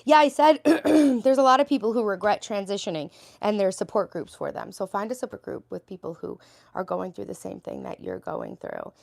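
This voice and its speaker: A woman's voice: mid-range voice, very animated, normal speed, creaky, a little mellow. A middle-aged woman livestreaming from home, chatting casually and answering viewer comments as she goes. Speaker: livestreaming vlogger mom. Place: at home, cluttered room.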